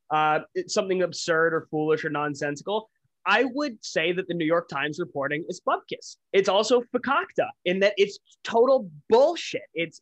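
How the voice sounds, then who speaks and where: A man's voice: high-pitched, a bit bright, low-quality recording. A man co-hosting a podcast in casual chat, ranting bluntly and swearing freely. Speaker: podcast co-host.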